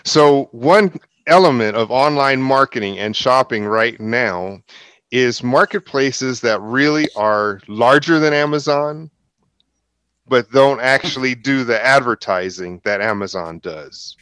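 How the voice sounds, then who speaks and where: A man with a smooth, resonant voice leads a group discussion, explaining his points at length and checking in with the others. The sound is dry and close. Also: mid-range voice, measured pace, fairly bright tone, no echo. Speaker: host.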